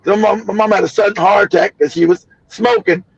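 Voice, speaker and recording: A man in his fifties from the United States, telling profane family stories on his stream with loud cackling laughs. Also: sits high, fairly even intonation, brisk, creaky, breathy edge. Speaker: streamer host. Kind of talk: profane casual storytelling. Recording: dull lo-fi dry stream audio.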